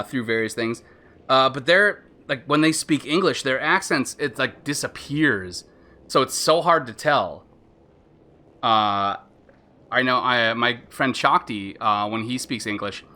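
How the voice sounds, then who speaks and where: A man's voice: mid-range voice, bright, forceful tone. A man streaming a video game, commenting in a casual, rambling way with lots of fillers. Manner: rambling, chatty, lots of fillers and self-interruptions. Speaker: gaming streamer.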